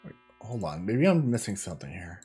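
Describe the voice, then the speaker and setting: A man's voice: low-pitched, big pitch swings, a little fast, mellow, soft background music. A man casually commenting as he plays through a game, thinking aloud and reading the on-screen text with stumbles and restarts. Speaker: gaming video host. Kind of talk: casual let's-play commentary.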